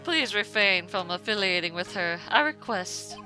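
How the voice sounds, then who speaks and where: A woman voicing a stately older mother in a game, slow, formal and courteous. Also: mid-range voice, lively intonation, sharp tone, faint music behind.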